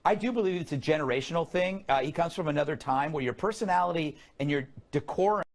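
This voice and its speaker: A man's voice: fairly high pitch, fast. A man hosting a comedy talk show, with wry, sarcastic banter and monologue jokes. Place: television studio.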